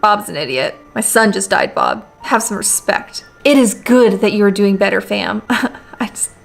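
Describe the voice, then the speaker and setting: A woman's voice: mid-range voice, expressive, a little slow, creaky, faint music behind. A young adult woman hosting a gaming video, reading a horror story aloud with chatty, sarcastic commentary and casual swearing. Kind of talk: let's play commentary.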